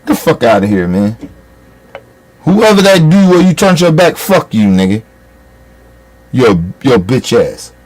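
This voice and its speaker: A man's voice: medium pitch, very animated, unhurried, long pauses, a little mellow. A man delivering a heated, profane political rant as a commentator, scolding his listeners.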